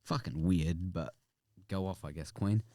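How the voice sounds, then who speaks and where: A man's voice: low-pitched, unhurried, darkish tone, no echo. A man hosting a podcast in casual chat, joking, swearing and laughing often. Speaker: podcast host.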